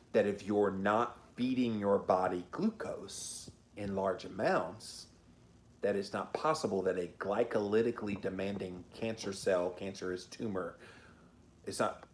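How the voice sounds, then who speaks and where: A man's voice: lowish voice, a little hiss or hum. A man hosting a casual livestream, reading out viewer comments and answering them in an upbeat, chatty way. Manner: upbeat, chatty, frequent ums and uhs. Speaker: host of a diet livestream. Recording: roomy echo.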